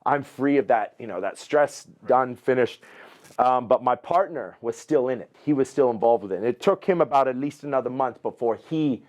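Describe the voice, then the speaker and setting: A man's voice: medium pitch, normal speed. A middle-aged man, a podcast guest, telling a long story in casual chat, swearing freely and acting out what other people said. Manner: animated, profane, acts out other people's lines.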